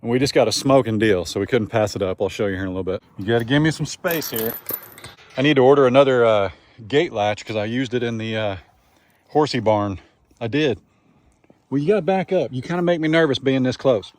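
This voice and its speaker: A man's voice: medium pitch, a little fast, darkish tone. A man vlogging casually outdoors on his farm, chatting folksily and talking to his animals. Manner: folksy, talks to the animals in a singsong voice. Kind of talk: casual farm vlog narration.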